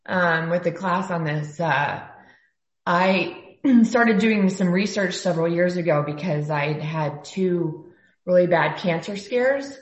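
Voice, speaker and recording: Earnest low-voiced woman on an echoey call. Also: takes it slowly, dull audio. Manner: earnest, trailing off with fillers. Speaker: workshop participant. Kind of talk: sharing a personal story. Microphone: video call.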